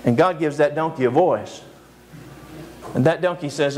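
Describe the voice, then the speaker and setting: A man's voice: medium pitch, normal speed, rough recording. A male preacher giving a sermon lecture, telling a story animatedly with humorous asides.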